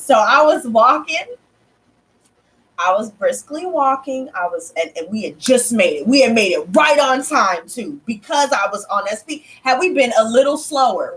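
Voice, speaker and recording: Young woman tarot reader venting, kinda high voice, blunt slangy and swears a lot. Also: rough recording. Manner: animated, blunt, profane, heavy slang. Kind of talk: casual storytelling to camera.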